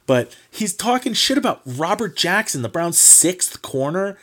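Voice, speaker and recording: A man's voice: sits high, very animated, a little slow, a bit bright. Man ranting on a sports podcast. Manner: heated, mocking, swears freely, many fillers. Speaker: podcast host. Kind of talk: casual sports podcast rant.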